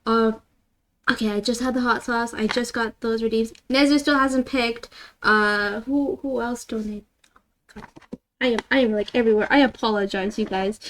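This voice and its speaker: A woman's voice: on the high side, a bit bright. A woman streamer chatting casually with her viewers, flustered and giggly as she reads out donations. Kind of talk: casual live-stream chat.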